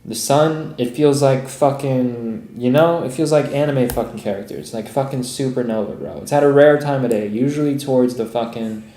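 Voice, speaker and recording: A man's voice: mid-range voice, normal speed, hardly any pauses, mellow, echoey room. A man ranting on a live trading stream in casual talk, frustrated, swearing heavily and calling his viewers bro and dude.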